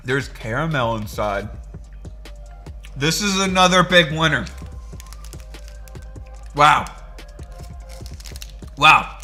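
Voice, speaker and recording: An excitable young male streamer in casual chat mode, calling out viewers by name. His voice sits high and jumps all over the place. Soft music plays faintly behind him. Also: drawn-out words, long pauses. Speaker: livestream host.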